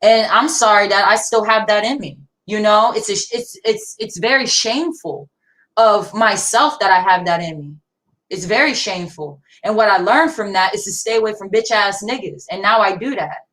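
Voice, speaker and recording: A young woman co-hosting a casual livestream discussion speaks bluntly and defiantly, swearing heavily. Her mid-range voice has a fairly bright tone and normal speed, captured in a rough recording.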